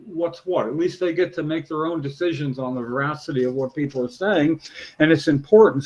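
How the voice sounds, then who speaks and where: A man's voice: on the high side, fairly quick, a little mellow. Fired-up New man ranting. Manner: outraged, emphatic, swears freely. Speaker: podcast co-host, patient rights advocate. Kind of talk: heated casual political talk.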